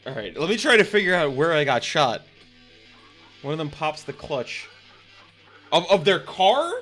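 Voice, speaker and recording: A man's voice: a little high, sing-song, moderate pace, a bit bright, soft background music. A man streaming a text adventure game, chatting casually, laughing often and swearing as he thinks aloud. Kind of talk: casual let's-play commentary.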